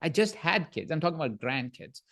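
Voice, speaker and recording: A man guesting on a podcast, telling animated stories about coaching and often checking in with a quick "right?". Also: on the high side. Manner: animated storyteller, frequent "right?" tag questions. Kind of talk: podcast interview conversation.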